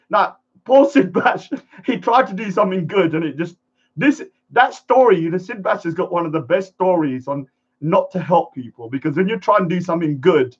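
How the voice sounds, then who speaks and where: A man's voice: a little high, muffled recording. A man ranting defiantly to camera, acting out pleading voices as he goes. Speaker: vlogger.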